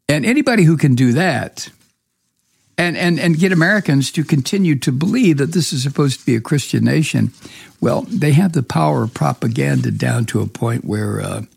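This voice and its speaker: A man giving opinionated news commentary, angry and sarcastic, swearing often and pausing on many fillers. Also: medium pitch, vocal fry, a little mellow, breathy edge, no room sound. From Georgia. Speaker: political commentator.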